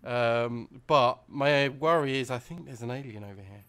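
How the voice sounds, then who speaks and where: A man's voice: medium pitch, normal speed, fairly bright tone, clear, resonant tone. Man telling a rambling gaming story. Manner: rambling storyteller, laughs easily. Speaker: let's play host. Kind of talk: casual gameplay chat.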